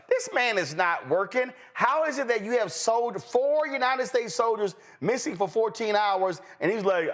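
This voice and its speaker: A man's voice: high-pitched, lively intonation, moderate pace, hardly any pauses, fairly bright tone. A man hosting a political talk show, speaking indignantly and emphatically, often stammering as he restarts sentences.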